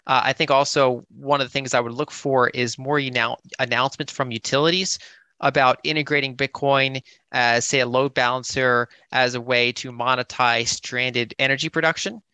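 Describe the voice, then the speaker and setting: A man's voice: mid-range voice, fairly even intonation, moderate pace, bright, forceful tone, smooth, no room sound. A man speaking on a conference panel, hesitant, with many fillers and restarts.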